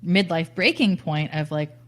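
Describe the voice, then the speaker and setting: A woman's voice: on the low side, moderate pace. A woman in her forties, a life coach, talking candidly and reflectively on a podcast, swearing casually and laughing often. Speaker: life coach and author guest.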